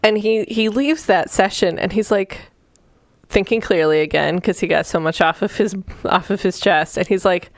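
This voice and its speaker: Animated woman retelling a film, dry sound. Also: medium pitch, normal speed, no echo. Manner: animated, acts out characters' lines with swearing. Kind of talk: casual chat retelling a film plot.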